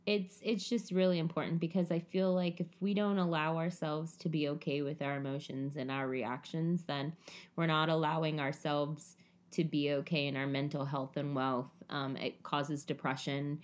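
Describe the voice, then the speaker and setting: A young woman co-hosting a casual chat, animated, her voice jumping high when she acts out what people say. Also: normal speed. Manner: animated, swoops high when acting out quotes. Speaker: podcast co-host.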